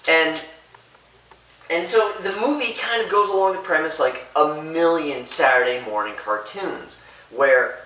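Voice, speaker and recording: Animated, rambling male movie reviewer. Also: fairly high pitch, a little slow, recorded from a distance. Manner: rambling, chatty, self-interrupting. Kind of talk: casual video review. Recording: echoey room, away from mic.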